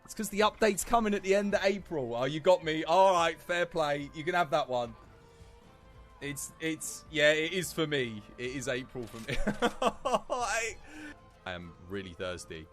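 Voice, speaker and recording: A man giving jokey live commentary while streaming a game, laughing often. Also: on the high side.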